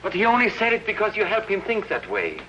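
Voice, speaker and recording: An actor playing a sensible, protective friend in an old film, scolding and reasoning. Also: male voice, high-pitched, wildly swooping pitch, fast talker, bright, forceful tone, a little hiss or hum, full character voice. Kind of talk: 1950s film acting. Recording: dull lo-fi old film sound with music.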